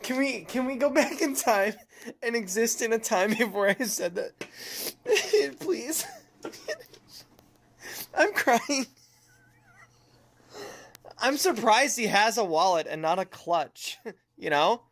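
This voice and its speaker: A woman's voice: on the high side, lively intonation, slow, pauses often, a little hiss or hum. A young woman streamer chatting casually and laughing at herself while playing a game. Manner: giggly, self-mocking, chatty.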